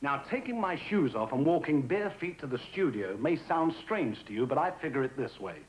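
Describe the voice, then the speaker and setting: A man's voice: on the high side, sing-song, low-quality recording. A man delivering a jaunty stand-up monologue on an old TV show. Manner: brisk, jaunty joke-telling. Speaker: stand-up comedian. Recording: old TV audio with faint hiss.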